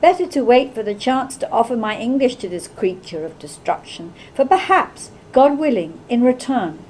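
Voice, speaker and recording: A woman author giving a measured, expressive reading of her own novel. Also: a little high, slight background noise, rough recording. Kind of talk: literary reading aloud.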